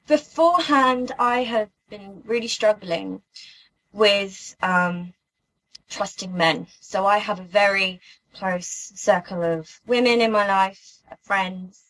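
Earnest, halting woman from the UK. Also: lowish voice, fairly bright tone, low-quality recording. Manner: earnest, halting, many restarts. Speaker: guest telling a personal story. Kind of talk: emotional personal account.

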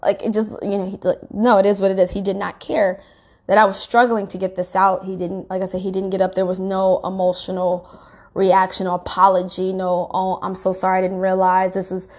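A woman tells a painful personal story in a halting, emotionally raw way, often restarting her sentences. Her voice is medium-pitched with a flat delivery, yet she swings from quiet moments to sharp outbursts.

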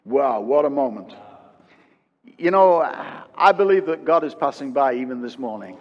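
A pastor in his fifties preaching a sermon, swinging from loud emphatic peaks to hushed quiet and repeating phrases for emphasis. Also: mid-range voice, expressive, normal speed, long reverb tail, dull audio. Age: 50s. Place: church.

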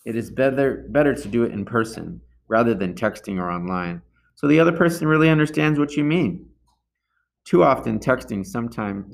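A man's voice: medium pitch, creaky. A man reading a self-help book aloud in an earnest, amateur audiobook style, with some slips and restarts. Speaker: audiobook reader.

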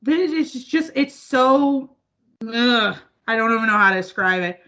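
Bright, loud, laughing woman. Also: on the high side, expressive, a little slow. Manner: loud, laughing, swearing freely. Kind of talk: casual chat.

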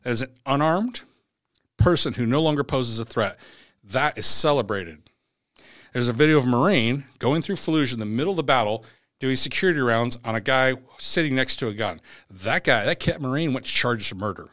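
A former Navy SEAL speaks briskly in a mid-range voice, bluntly telling podcast listeners about war and court, and he acts out the quoted lines of other people. The dry recording has clean studio sound, and the storytelling is candid and conversational.

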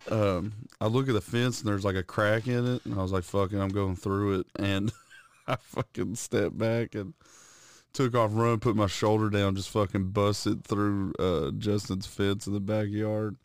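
Man, low voice, podcast co-host, casual profane storytelling, dry close sound. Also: clean tone, no room sound. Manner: loose, profane storytelling with laughs. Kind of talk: casual chat.

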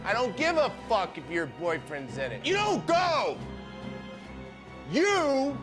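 A man's voice: very high voice, wildly swooping pitch, slow, exaggerated voice. An actor playing a furious young woman sorority officer who rants and swears in a dramatic reading over music. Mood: ranting. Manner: profane, seething, building to screaming. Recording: loud music under the voice.

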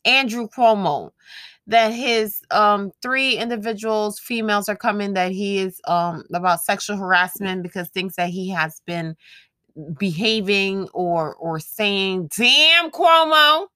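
A woman's voice: mid-range voice, fairly even intonation, unhurried, fairly bright tone, no echo. A woman hosting her own show, giving a casual motivational monologue to her listeners, frank and profane, laughing often. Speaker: podcast host.

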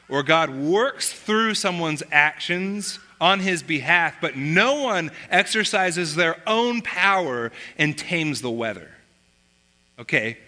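Bright-voiced man preaching in a reverberant hall. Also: a little high. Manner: conversational teaching, posing rhetorical questions. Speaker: pastor. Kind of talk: sermon.

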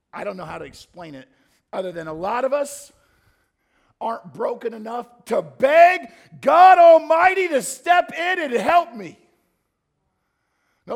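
A man preaching a sermon to a congregation, talking casually and joking with them, then building up to fervent shouted pleas. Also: high-pitched, gravelly. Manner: swings from soft asides to fervent shouted pleading prayers. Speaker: pastor.

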